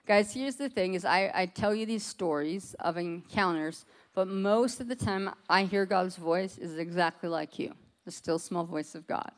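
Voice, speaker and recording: A woman's voice: fairly low pitch, normal speed. An American woman preaches a personal testimony to her congregation. She tells it like a casual story, loose and conversational, with plenty of "like" along the way. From United States.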